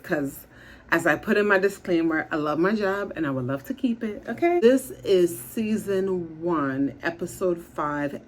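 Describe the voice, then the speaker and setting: A woman's voice: fairly low pitch, a little mellow. A woman recapping a TV episode from her office in a chatty, casual way, acting out the characters' lines. She is recording without her usual equipment. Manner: chatty, acts out characters' lines in quick voices. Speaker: TV show reviewer and therapist. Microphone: makeshift setup without her usual gear.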